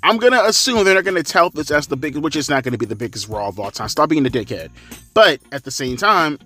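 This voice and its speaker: A man's voice: a little high, very animated, quick pace, bright, forceful tone, faint music behind. A man in his thirties giving sarcastic, profanity-laced wrestling commentary in a ranting style. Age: 30s.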